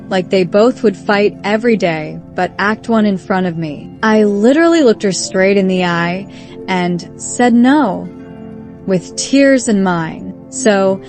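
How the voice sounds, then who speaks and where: A woman's voice: mid-range voice, a little mellow. A young woman narrating a first-person storytime, chatty and dramatic, talking straight to her viewers.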